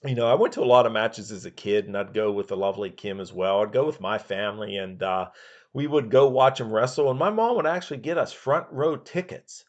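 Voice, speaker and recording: A man's voice: lowish voice, a little fast, highs cut off. A man hosting a podcast, rambling through his memories in a casual monologue with many fillers. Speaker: podcast host.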